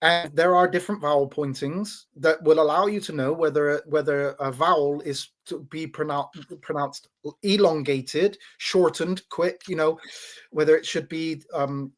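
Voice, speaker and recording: Halting man explaining with restarts. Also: a little high, fairly even intonation. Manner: halting, many restarts and repeated words; teaching tone, checks in with "right?". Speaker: podcast host. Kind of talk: casual explanatory talk.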